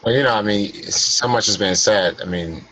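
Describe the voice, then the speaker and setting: Guy with a bright forceful voice giving a self-help pep talk, dry sound. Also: fairly low pitch, moderate pace, no room sound, rough recording. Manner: earnest, coaching, repeats and rephrases. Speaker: guest speaker in a class. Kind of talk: motivational talk.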